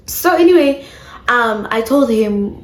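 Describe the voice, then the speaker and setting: A woman's voice: on the high side, expressive, a little slow, roomy sound. A young woman with a South African accent telling a storytime to her viewers in casual chat, slipping in isiXhosa phrases. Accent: South African English. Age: young adult. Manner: chatty, addresses viewers, mixes in isiXhosa phrases. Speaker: vlogger.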